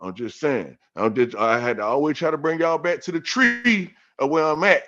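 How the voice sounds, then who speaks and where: Man, higher voice, profane, streetwise, animated storytelling, muffled lo-fi recording. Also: moderate pace. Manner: animated, repeats himself. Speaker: podcast guest. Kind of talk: casual talk on scripture. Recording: dull lo-fi sound.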